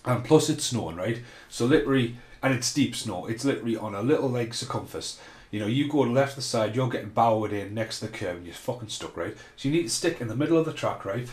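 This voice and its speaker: A man's voice: mid-range voice, lively intonation, fast, a little mellow. A man hosting a casual film commentary podcast, rambling and swearing freely as he rants. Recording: roomy echo.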